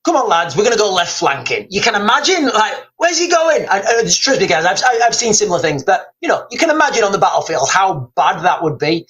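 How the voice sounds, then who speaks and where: A man's voice: high-pitched, a bit bright, low-quality recording. A man hosting a casual livestream, rambling, repeating himself and reading out viewer comments. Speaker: livestream host. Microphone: streaming mic.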